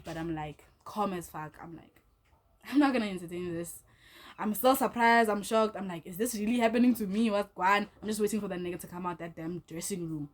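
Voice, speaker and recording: Animated woman telling a story. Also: fairly low pitch. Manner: animated storyteller, acting out each person's lines; casual, swears freely. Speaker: vlogger. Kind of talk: storytime vlog.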